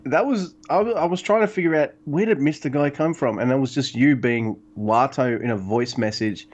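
A man co-hosting a podcast in casual chat, excitable and rambling, cursing often. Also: mid-range voice, normal speed, muffled recording. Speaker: podcast co-host.

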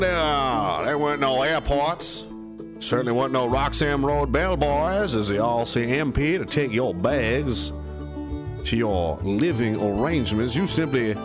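A man playing a grizzled old frontier storyteller who drawls out a yarn in rough, folksy grammar, his pitch swinging widely as he hams it up. Music plays in the background. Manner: drawling, mock-gruff, ungrammatical folksy talk.

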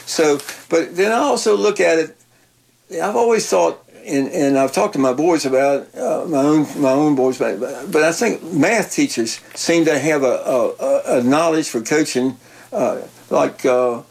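An older man, a retired football coach telling stories in a halting, folksy way, often repeating words. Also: fairly high pitch, animated, creaky, a little mellow, poor audio. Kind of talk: casual interview chat.

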